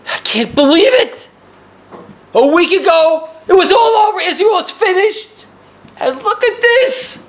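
A man voicing an emotional older male newspaper publisher who bursts out in loud, high-pitched cries. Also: lively intonation, measured pace, exaggerated voice. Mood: overjoyed. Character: older male newspaper publisher, tearful, then shouting in outrage.

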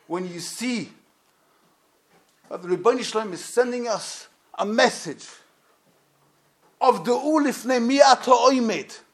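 Brief: man with a very high voice, impassioned sermon. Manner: impassioned, swings from loud to hushed. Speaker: rabbi.

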